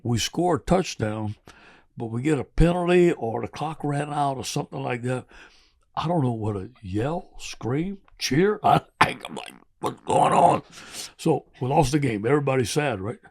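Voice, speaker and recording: An older man with a gravelly voice, telling rambling, animated stories with laughs as a podcast guest. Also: medium pitch, moderate pace. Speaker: guest football coach. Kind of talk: podcast storytelling.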